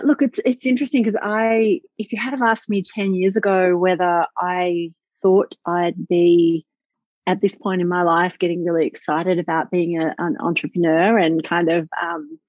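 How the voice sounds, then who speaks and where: A woman's voice: lowish voice, a little mellow, no room sound. Aussie woman chatting about her business, thoughtful and keen, lots of ums, kinda muffled dry audio. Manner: reflective and enthusiastic, many fillers. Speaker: business owner and guest. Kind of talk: conversational interview. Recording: slightly dull lo-fi audio.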